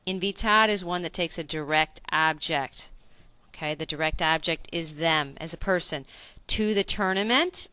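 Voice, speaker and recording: A woman gives a recorded grammar lesson with a bright, clean voice. She walks through each point patiently, asks if it makes sense, and fixes her own slips as she goes. The sound is close and dry. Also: low voice, moderate pace, clean tone, dry recording. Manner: explains step by step with frequent self-corrections and check-in questions. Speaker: Spanish teacher.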